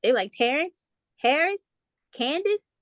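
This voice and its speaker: A woman's voice: high voice, big pitch swings, slow, dry recording, studio quality. A woman co-hosting a podcast in casual chat, playful and teasing, laughing often. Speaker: podcast co-host.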